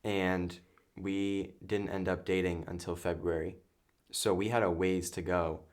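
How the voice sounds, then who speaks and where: A man's voice: sits low, little pitch movement, unhurried. A young man talking as a podcast guest in casual chat, earnest and rambling with many fillers.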